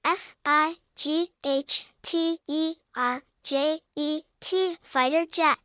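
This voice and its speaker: A woman narrating a scripted vocabulary lesson for young children, spelling words out slowly and adding playful sound words. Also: high voice, no room sound, clean studio sound. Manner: slow, even spelling-out with cheerful sound words. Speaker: vocabulary teacher.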